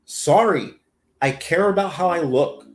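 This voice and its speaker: A man's voice: fairly high pitch, unhurried. Rambling, laughing man in an echoey room. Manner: rambling, laughing, reacting to chat. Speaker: livestream host. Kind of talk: casual livestream chat.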